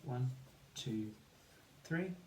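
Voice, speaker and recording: A man's voice: mid-range voice, expressive, extremely slow, darkish tone. A man teaching children phonics, counting in and sounding out words syllable by syllable, with encouraging praise. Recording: echoey room with faint ambient noise.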